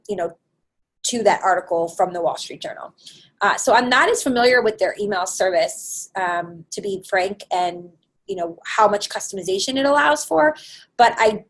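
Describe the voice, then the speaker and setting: A woman's voice: lowish voice, poor audio. Chatty woman hosting a webinar Q&A. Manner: conversational, frequent fillers. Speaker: webinar host. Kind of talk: live webinar Q&A.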